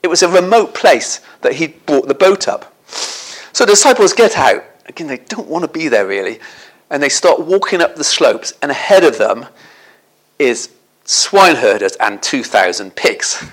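Male preacher, storytelling sermon, lively and a little high, checks in with listeners. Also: moderate pace. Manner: animated, asks the listeners tag questions.

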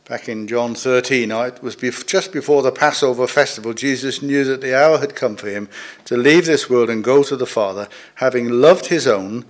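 A middle-aged man delivers a sermon in a relaxed, conversational manner. His voice sits at an ordinary pitch. He slips in gentle jokes and pauses now and then with small fillers. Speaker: preacher. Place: church, services also on video call.

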